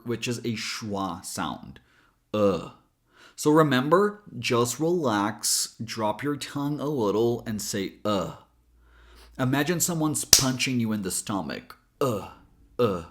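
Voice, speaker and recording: Slow, careful male accent coach. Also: medium pitch, animated. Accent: American. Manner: slow, careful, demonstrating sounds. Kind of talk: pronunciation lesson.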